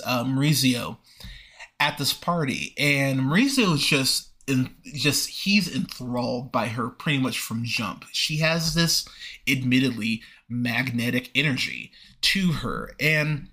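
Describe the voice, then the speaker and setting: A man hosting a movie review podcast, talking casually with frequent pauses and restarts. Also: medium pitch, fairly bright tone. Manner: conversational, frequent fillers and restarts. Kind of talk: casual spoken film review.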